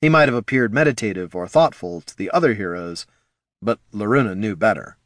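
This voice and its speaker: A man narrating a fantasy audiobook in an expressive storytelling manner. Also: lowish voice, brisk, no room sound, studio quality.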